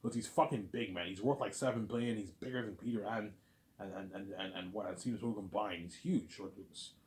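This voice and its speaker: A man's voice: on the low side, fairly quick, darkish tone. A man ranting casually in a rambling, repetitive way, swearing often and saying "man" a lot. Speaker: vlogger.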